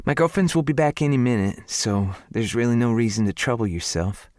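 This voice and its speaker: A man's voice: mid-range voice, animated, fairly quick, darkish tone, dry recording, clean studio sound, pitched above the performer's own voice, close to an everyday voice. A male narrator voicing a young Southern woman who is embarrassed but stubborn, politely brushing off help. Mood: embarrassed, deflecting.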